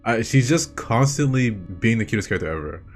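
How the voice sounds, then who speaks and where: A man's voice: fairly low pitch, animated, brisk. A young man hosting a video with enthusiastic casual commentary, swearing often and repeating himself as he talks. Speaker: video host. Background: faint game music.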